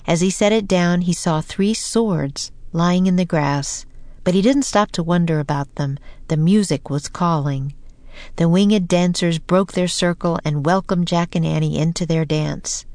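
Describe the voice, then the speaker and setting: A woman's voice: on the low side, a little mellow, dry recording. Woman reading a children's story. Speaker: narrator. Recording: dry close recording, faint music.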